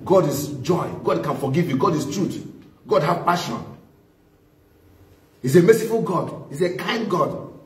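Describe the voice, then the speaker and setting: A male pastor preaches a sermon in a high voice and keeps asking his congregation to fill in the words. He is recorded in a reverberant church hall from a distance. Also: lively intonation, a little slow, long pauses. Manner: call-and-response, prompts the congregation with "what?".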